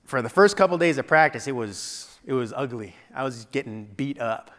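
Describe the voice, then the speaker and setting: A man giving a keynote speech, telling a personal story dramatically and dropping to a hush at painful moments. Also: medium pitch, expressive, normal speed. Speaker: keynote speaker. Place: large event hall before an audience. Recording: long hall reverb.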